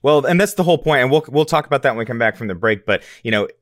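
A man co-hosting a coaching podcast, upbeat and playful, talking in quick bursts. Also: medium pitch, animated, fairly bright tone, dry recording, clean studio sound. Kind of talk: casual podcast chat.

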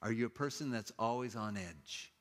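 A man preaching a sermon, telling stories in a lively way and acting out the people in them with playful voices. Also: lowish voice, normal speed. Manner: animated storytelling with playful quoted voices. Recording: long hall reverb.

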